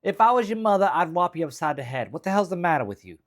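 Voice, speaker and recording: A man's voice: high voice, very animated, fast talker, pitched above the performer's own voice. A man voicing a fretful, scolding middle-aged woman from New Jersey in a put-on Jersey accent.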